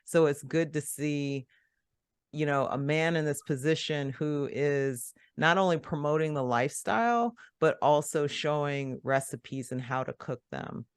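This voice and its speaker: A man's voice: fairly high pitch, measured pace, echoey room. A male host interviewing a guest in a conversational way, encouraging and affirming throughout. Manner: encouraging, affirming with frequent "yeah". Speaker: podcast host.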